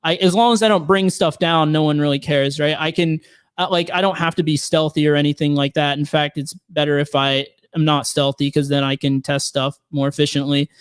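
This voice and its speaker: A man's voice: fairly high pitch, steady tone, fairly quick, clear, resonant tone, no room sound, clean studio sound. A man working as a penetration tester, chatting casually as a guest and explaining his job with many fillers and restarts. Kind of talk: casual podcast conversation.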